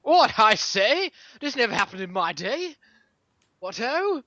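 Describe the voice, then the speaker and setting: A man putting on the voice of a pompous, posh old English gentleman with plummy, old-fashioned turns of phrase. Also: extremely high pitch, sing-song, unhurried, dry recording, muffled recording, pitched above the performer's own voice, full character voice.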